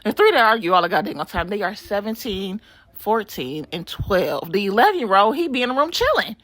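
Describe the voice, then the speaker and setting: A middle-aged woman giving a casual, animated voiceover for a nail art vlog, laughing and swearing as she chats from a room at home. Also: medium pitch, fairly quick, no room sound.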